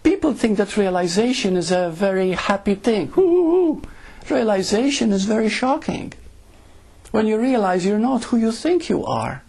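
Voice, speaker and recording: A man leads a spiritual satsang talk in a somewhat high, gravelly voice. His tone is husky and a little rough. He talks to the group in a rhetorical way and keeps asking "you see?". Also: expressive, moderate pace, a little mellow. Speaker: spiritual teacher.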